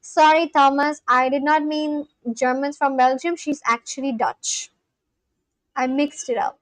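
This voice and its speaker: High-voiced chatty woman streamer. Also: dry recording. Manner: chatty, laughs often, apologetic self-corrections. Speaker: livestream host. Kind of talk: casual chat reading live chat aloud.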